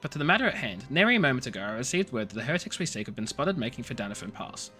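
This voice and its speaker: A man's voice: mid-range voice, big pitch swings, very fast, pushed and bright. A man reading the lines of a dry-witted male mercenary officer in a game, in a wry, formal way, with faint game music behind.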